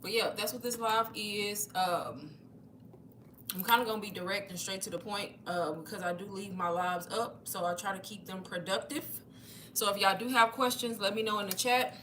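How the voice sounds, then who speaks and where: A woman's voice: mid-range voice, fairly even intonation, moderate pace, pushed and bright, slight background noise. A young woman hosting a casual livestream, chatty and a little out of breath, calling her viewers y'all. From Texas. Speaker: livestream host.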